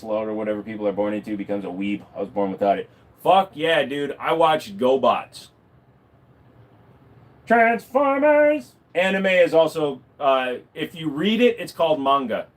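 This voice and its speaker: A man chatting casually on a livestream, rambling and swearing freely. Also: mid-range voice. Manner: animated, swearing, rambling with fillers. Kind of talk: casual live-stream chat.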